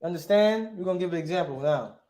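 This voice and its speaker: A man's voice: high voice, expressive, warm tone, roomy sound. A man giving an informal Bible language lesson, checking in with "right?" and stopping to look up words as he goes. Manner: casual, repeats "right?" often, pauses to look things up. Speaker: teacher.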